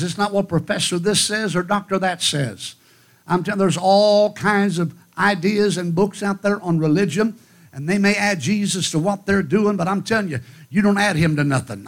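A man's voice: high-pitched, vocal fry. A man preaching a fiery revival sermon at a church conference, with emphatic, rhythmic repetition. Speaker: guest preacher.

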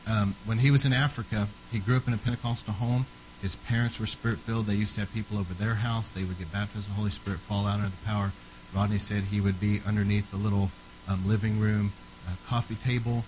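A man preaching a fervent sermon, rising to loud, emphatic peaks and then dropping low and quiet. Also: flat delivery, fast talker, noisy background.

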